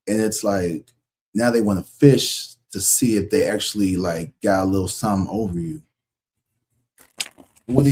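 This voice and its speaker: A man's voice: fairly low pitch, warm tone, slightly rough. A man giving a casual, blunt tarot reading, talking conversationally and swearing freely. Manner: conversational, acts out other people's voices. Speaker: tarot reader.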